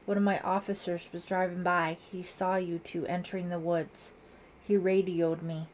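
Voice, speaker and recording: A woman reading an audiobook, voicing a stern middle-aged police lieutenant who shouts orders. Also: high-pitched, flat delivery, moderate pace, slight background noise, close to an everyday voice. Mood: explaining. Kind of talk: audiobook character voice.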